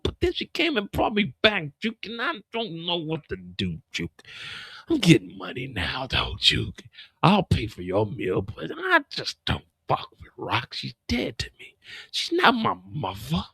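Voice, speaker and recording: A man's voice: high voice, fairly bright tone, breathy edge, no room sound, heavily acted. A man impersonating a sulking young male street hustler who mumbles, slurs like he is drunk and keeps whining a friend's name. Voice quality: slurred, mumbling, drunk-sounding. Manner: whiny, repeats "Juke" constantly.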